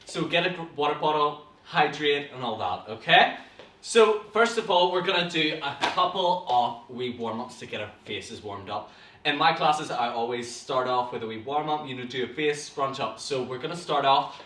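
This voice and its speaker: A young Northern Irish man teaches a beginners' acting class with bright, encouraging energy. His voice rings around an echoey studio room, picked up from some way off the mic. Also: medium pitch, moderate pace. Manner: lively, encouraging, coaching warm-ups aloud. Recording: roomy echo, from a distance.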